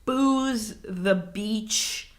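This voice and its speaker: Animated young woman with lots of fillers. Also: medium pitch, drawn-out words. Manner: animated, swearing, laughing, many fillers. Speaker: podcast co-host. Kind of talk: casual chat.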